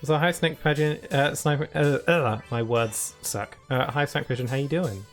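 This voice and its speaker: A man's voice: a little high, steady tone, moderate pace, soft background music. Chatty British man streaming a game. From United Kingdom. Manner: chatty, laughs often, reads chat and on-screen text aloud. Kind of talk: casual gameplay chat.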